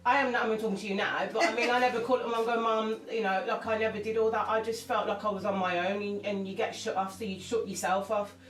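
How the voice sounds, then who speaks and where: A woman singer rattles along fast with few pauses, her mid-range voice steady, as she candidly and emotionally rambles through an interview, restarting often. The distant mic catches crowd noise, room echo and faint music.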